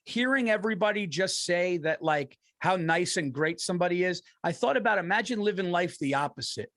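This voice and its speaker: A man's voice: sits high, animated, brisk, fairly bright tone. A man co-hosting a casual comedy podcast, bantering bluntly with plenty of swearing. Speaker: podcast co-host.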